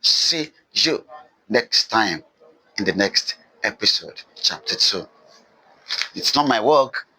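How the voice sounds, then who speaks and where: A man's voice: lowish voice, very animated, slow, long pauses, sharp tone, a little hiss or hum, poor audio. A man teaching a recorded literature lesson, repeating key points with emphasis and answering his own questions. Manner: repetitive, emphatic, asks questions and answers them himself.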